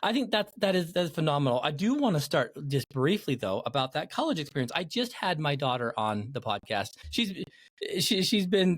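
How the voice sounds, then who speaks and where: A middle-aged man hosts a podcast with an upbeat, energetic delivery. His voice sits a little high for a man, and the sound is dry and close to the mic, with no room around it. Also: no echo. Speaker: podcast host and recovery coach. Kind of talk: podcast interview.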